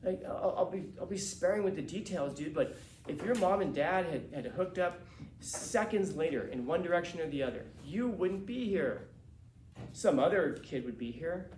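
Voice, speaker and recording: A male teacher lectures his class in a loose, slangy way, bouncing into little acted-out quotes as he goes. His voice sits a bit high for a man. The echoey classroom carries a faint hum behind him. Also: normal speed. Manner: animated, casual and slangy, acting out quotes.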